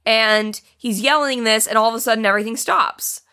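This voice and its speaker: A woman's voice: a little high, a little fast, bright, forceful tone. A woman co-hosting a film podcast in casual chat, retelling the plot and acting out the characters' lines. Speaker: podcast co-host reviewing a film.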